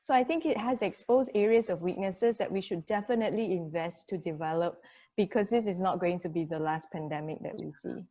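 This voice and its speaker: A woman's voice: fairly low pitch, a little fast, warm tone. Confident woman executive on a call. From Malaysia. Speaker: healthcare company executive. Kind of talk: webinar panel discussion. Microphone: video call.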